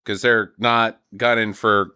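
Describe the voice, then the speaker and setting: A man co-hosting a casual podcast, recapping a movie in an animated, profane way and acting out bits of dialogue. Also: lowish voice, slow pace, clear, resonant tone. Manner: animated, swears a lot, acts out quotes.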